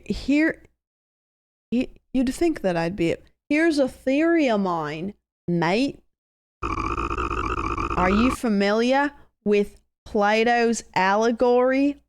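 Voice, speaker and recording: A woman's voice: on the high side, clean tone, no room sound, studio quality. A woman voicing a chatty Australian man who muses about conspiracy theories, tacking "mate" onto the ends of his sentences. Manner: drawn-out, ends lines with "mate".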